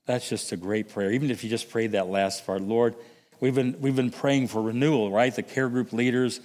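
A male pastor preaching a sermon, moving from hushed, low reflection to raised, emphatic calls and repeating phrases for effect. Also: fairly even intonation, moderate pace. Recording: long hall reverb.

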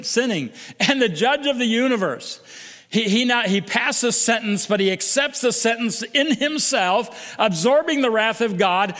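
A male pastor preaching a sermon, moving from hushed, low reflection to raised, emphatic calls and repeating phrases for effect. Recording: long hall reverb.

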